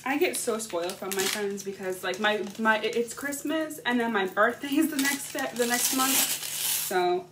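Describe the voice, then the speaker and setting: A young woman chatting casually as she unboxes gifts at home on the floor, gushing and excitable. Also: on the high side, moderate pace, very noisy. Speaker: vlogger. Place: indoors at home, sitting on the floor.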